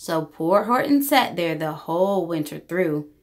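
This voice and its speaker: A woman storyteller reading a rhyming children's story aloud, with expressive narration. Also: lowish voice, unhurried.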